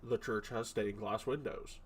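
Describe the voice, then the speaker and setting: A man's voice: on the low side, fairly even intonation, slight background noise. A man, the game master, chatting casually and joking before a tabletop session. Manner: chatty, jokey, quick asides.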